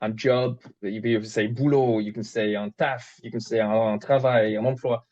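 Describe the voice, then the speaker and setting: A man's voice: lowish voice, steady tone, brisk, darkish tone. Brief: young English-accented man, chatty guest, lots of ums, slightly muffled recording. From England. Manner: chatty, hesitant, many fillers and restarts. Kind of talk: casual interview conversation.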